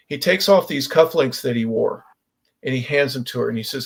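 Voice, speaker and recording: A man's voice: mid-range voice, brisk, vocal fry. A man co-hosting a sports talk radio show, agreeable and telling stories. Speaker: radio co-host.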